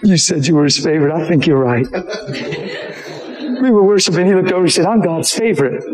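Speaking fast in a voice that sits high for a man, an excitable preacher tells stories to a live crowd. He slips into the voices of the people he describes and laughs along the way. The recording rings with the echo of a large hall.

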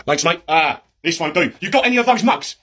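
A man playing an impatient, fussy British pub regular who grumbles at the bar staff, with a husky voice, in a comedy sketch. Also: on the high side, lively intonation, fairly quick, pushed and bright, exaggerated voice. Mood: grumbling. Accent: British English. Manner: grumbling, cheeky, keeps calling people mate.

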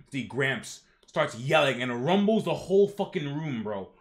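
A man's voice: mid-range voice, very animated, a little slow, hardly any pauses. Casual young man reading a comic aloud. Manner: casual slangy, reads aloud with voices. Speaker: streamer reacting to a comic. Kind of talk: live reaction reading.

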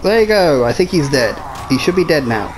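A man playing a co-op game, excitable and swearing often. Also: a little high, fairly quick, noisy background. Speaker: gamer playing co-op. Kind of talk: casual gaming chat.

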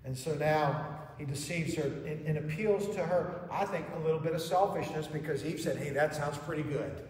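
High-voiced male pastor preaching with rhetorical questions, heard from far off in an echoing church. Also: moderate pace, darkish tone. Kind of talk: sermon. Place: church sanctuary. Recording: echoey hall from far off.

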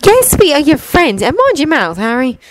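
Woman voicing a spirited teen witch girl, raised pitch, teasing, dry close sound, storybook. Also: wildly swooping pitch, normal speed, no room sound.

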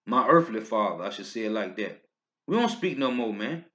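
A street preacher with a lowish, slightly bright voice reads scripture in a sermon video, animated and at normal speed. He speaks in emphatic bursts rising and falling, ending lines with "man, okay?" The recording is dull lo-fi.

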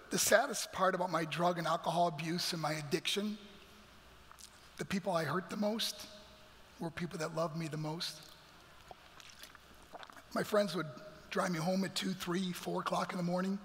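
Emphatic speaker in a reverberant hall. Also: male voice, high voice, a bit bright. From New York. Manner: dramatic, emphatic storytelling with acted quotes. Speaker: guest speaker. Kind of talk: motivational testimony. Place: large church hall.

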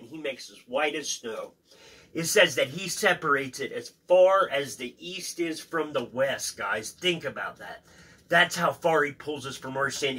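A man's voice: mid-range voice, sharp tone, husky, low-quality recording. A man reading a Bible passage aloud and commenting on it in an earnest, informal way, often calling his listeners guys.

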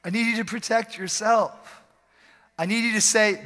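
A male pastor preaching an energetic, joking, conversational sermon in a church service, often repeating phrases for emphasis. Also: sits high, moderate pace. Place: church sanctuary during a service. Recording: long hall reverb from a church.

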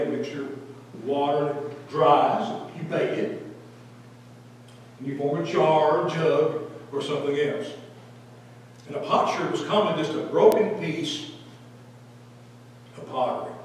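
A man teaching a Bible study in church, quoting verses with animated voices and asking the class questions. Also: fairly high pitch, slight background noise. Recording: echoey room taped from a distance.

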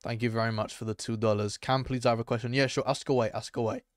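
Excitable young man streaming a game. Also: medium pitch, fast, dry recording, clean studio sound. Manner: excitable, chatty, addresses chat and viewers. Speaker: gaming streamer. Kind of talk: live gameplay commentary.

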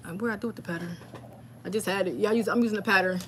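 A woman hosting a casual live stream, rambling excitedly and reading viewers' comments aloud. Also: medium pitch, very fast, a little hiss or hum.

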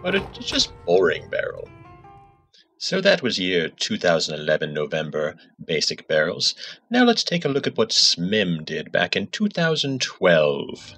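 Brief: male mod author hosting a comedy trailer, bright, very lively pitch, music underneath. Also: measured pace.

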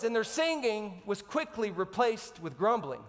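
A man preaching a sermon as pastor, animated and joking between slow scripture readings. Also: high voice, big-room sound. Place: church sanctuary.

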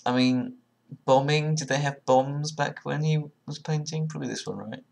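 In a mid-range voice with vocal fry at a moderate pace, a young video creator casually comments while taking an online quiz. He mutters guesses as he thinks aloud, swearing sarcastically and often, and sometimes bursts out loudly.

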